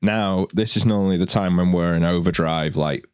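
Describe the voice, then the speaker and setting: A man chats loosely on a podcast. His voice sits a little low, and his stories wander, peppered with swearing and filler words. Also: moderate pace, darkish tone, clear, resonant tone, dry recording, clean studio sound. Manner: loose storyteller, swears freely, frequent "like". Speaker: podcast guest, band guitarist. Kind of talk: casual podcast chat.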